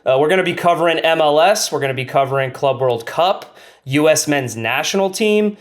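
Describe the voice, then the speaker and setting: A man's voice: fairly high pitch, animated, fairly quick. A man co-hosting a soccer podcast, talking in an easygoing, laid-back way with plenty of fillers. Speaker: podcast co-host. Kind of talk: casual chat.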